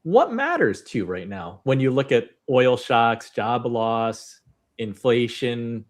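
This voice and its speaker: A man's voice: mid-range voice, sing-song, slow. A man hosting a live panel, relaying viewer questions and asking direct follow-ups. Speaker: host.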